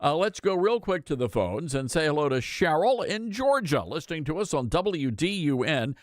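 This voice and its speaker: A man hosting a talk radio show from a studio, mocking and sarcastic as he reads quotes aloud. His voice sits slightly high and swings widely in pitch. The sound is dry and close on the mic. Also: very animated, normal speed, no room sound. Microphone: studio microphone.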